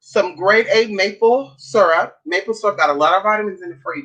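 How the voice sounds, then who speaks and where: Woman, vlogger, bright sharp voice, sassy, profane, casual chat, home kitchen, phone mic. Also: mid-range voice, moderate pace, few pauses, poor audio. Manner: sassy, profane, chatty, calls viewers girl and honey.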